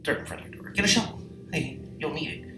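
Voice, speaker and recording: A man's voice: on the high side, wildly swooping pitch, fast, gravelly, heavy background noise, full character voice. A man doing a smug, teasing groundhog. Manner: smug, teasing, stifling laughter. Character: gleeful mocking male groundhog prankster. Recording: echoey room, distant mic, music behind.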